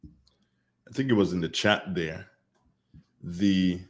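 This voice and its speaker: A radio talk show host with a Grenadian accent comments earnestly, repeating phrases for emphasis. His voice is low and his delivery slow.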